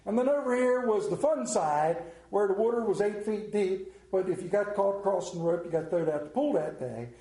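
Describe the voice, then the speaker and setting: A middle-aged male pastor preaching a sermon, telling the story with lively acted-out scenes and sudden drops to a hush. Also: moderate pace, few pauses. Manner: animated storytelling, acts out scenes with big pitch swings. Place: room with a congregation. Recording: echoey room.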